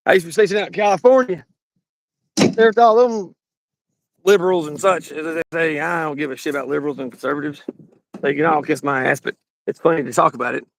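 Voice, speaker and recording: A man's voice: on the high side, rapid-fire, vocal fry, a bit bright, no room sound. A man with a Southern Kentucky accent hosting a garage channel, rambling and swearing in a joking way as he shows off his truck. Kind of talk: casual garage walkthrough.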